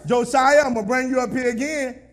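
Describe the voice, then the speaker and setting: High-voiced preaching man. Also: steady tone, fairly quick. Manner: repetitive, scolding preaching to the congregation, at times shouting. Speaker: pastor. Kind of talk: sermon.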